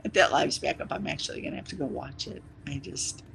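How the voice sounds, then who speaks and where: Brief: live streamer, bright forceful tone, rambling and teasing chat, faint background hiss. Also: mid-range voice, fast talker, creaky, rough recording. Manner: rambling, teasing, with sudden loud bursts and whispered asides. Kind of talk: casual chat with stream viewers.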